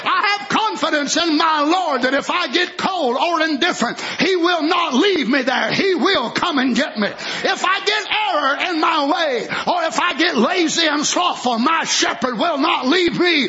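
A male pastor, preaching a sermon and swinging from soft, drawn-out lines to fervent shouting. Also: very high voice, highs cut off, crowd noise, background noise.

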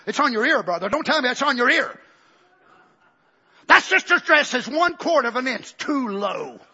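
A man preaching a fiery Pentecostal sermon, swinging from shouts to hushed near-whispers. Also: extremely high pitch, sing-song, normal speed, husky, dull audio.

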